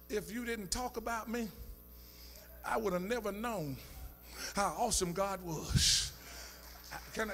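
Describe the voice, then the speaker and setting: A male pastor preaching a sermon in rhythmic call-and-response style, rising into shouts and half-sung phrases. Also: sits high, in a large hall. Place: church sanctuary.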